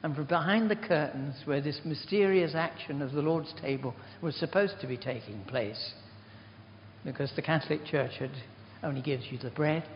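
A man's voice: on the high side, normal speed, slight background noise. An older man giving an informal sermon, chatty and rambling, telling self-deprecating stories. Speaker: preacher. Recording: dull recording in a reverberant hall.

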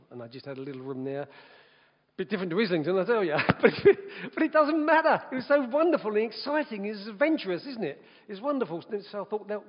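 A man telling his personal testimony as an evangelist, lively and often breaking into laughter. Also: high voice. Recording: dull sound with long hall reverb.

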